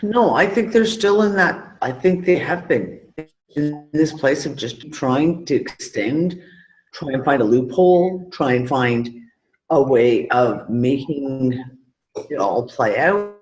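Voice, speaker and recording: A man's voice: mid-range voice, animated, slow, a little mellow. A man co-hosting a live online talk show, casual and loose, trailing off mid-thought and swearing freely. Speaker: podcast co-host. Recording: dull lo-fi call audio.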